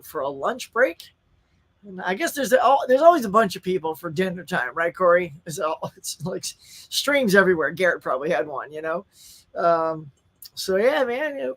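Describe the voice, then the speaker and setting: A man in his thirties hosts a live stream, chatting in a friendly, upbeat way. His voice sits high for a man. He greets viewers by name and reads their comments aloud. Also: fairly bright tone. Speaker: livestream host. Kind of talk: casual live-stream chat.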